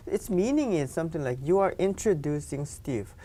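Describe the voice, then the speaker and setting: A woman's voice: deep voice, expressive, brisk, dark tone, slight background noise. A woman teaching a grammar lesson, explaining patiently and often saying "you know". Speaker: Korean language teacher.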